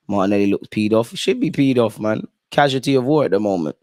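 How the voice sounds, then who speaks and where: A man's voice: lowish voice, fast talker, few pauses, darkish tone, a little hiss or hum. A young man hosting a live football watch-along, reacting to the match in an exasperated way and talking straight at the players and the referee.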